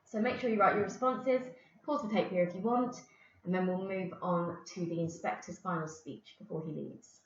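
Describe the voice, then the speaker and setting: A woman's voice: fairly low pitch, normal speed. A woman English teacher giving a recorded lesson, explaining patiently with the odd filler. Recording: roomy, dull lo-fi recording.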